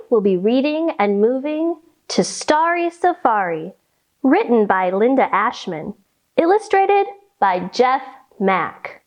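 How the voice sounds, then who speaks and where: A woman guiding a children's yoga class in a playful, sing-song, coaxing way. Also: fairly high pitch. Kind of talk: guided kids' yoga class.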